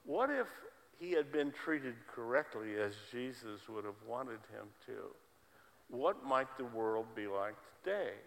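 A man's voice: mid-range voice, vocal fry. Guy preaching a sermon, leans hard on repeated words, long echo in a church. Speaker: pastor. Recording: long hall reverb.

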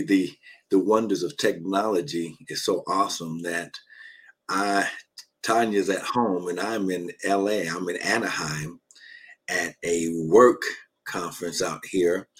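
Livestreaming from a shared hotel room at a conference, a pastor preaches into a phone or laptop on a video call, repeating phrases and calling out to listeners to drive his points home. His low, husky voice is slow, a bit bright and fairly even, and the low-quality call audio gives it a close, casual feel.

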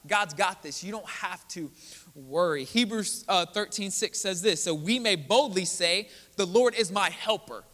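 Pastor, male, bright forceful sermon voice, reverberant sanctuary. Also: sits high, unhurried. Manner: earnest, building to emphatic preaching. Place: church sanctuary. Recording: church hall with long reverb.

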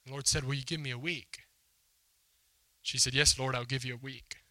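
Bright-voiced male pastor telling a story. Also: medium pitch, steady tone, moderate pace, dry recording. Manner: storytelling with acted quotes, emphatic and conversational. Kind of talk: sermon. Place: church hall before a congregation.

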